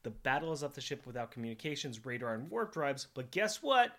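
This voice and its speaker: A man's voice: medium pitch, quick pace, fairly bright tone. A middle-aged man co-hosting a casual comic book podcast, enthusiastic and jokey, laughing often. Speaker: podcast co-host.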